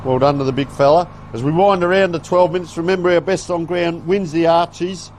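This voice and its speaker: A man's voice: a little high, fairly even intonation, a little fast, a little mellow, a little hiss or hum. A man giving folksy, chatty live play-by-play commentary on a local football game. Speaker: sports commentator. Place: outdoor football ground.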